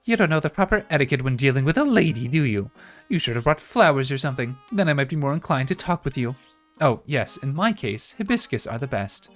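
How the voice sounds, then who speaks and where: A man's voice: mid-range voice, sing-song, fairly quick, faint music behind, lightly acted. A man voicing a haughty village woman in a video game who lectures about manners.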